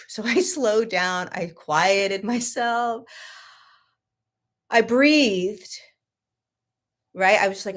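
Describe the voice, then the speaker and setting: A woman hosting a casual talk, telling a personal story in an animated, laughing way that swings between loud and hushed. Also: medium pitch, very slow, long pauses. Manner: frequent 'like' and restarts, sarcastic. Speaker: host.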